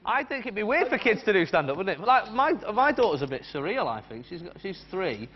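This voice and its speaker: A man's voice: high-pitched, sing-song, fairly quick. A man on a comedy panel show chatting and musing about his young daughter. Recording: dull TV studio sound.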